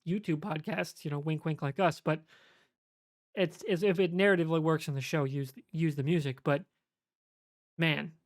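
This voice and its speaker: A podcast co-host giving a measured, analytical take in casual chat, with many fillers. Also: medium pitch, fairly even intonation, dry recording, clean studio sound.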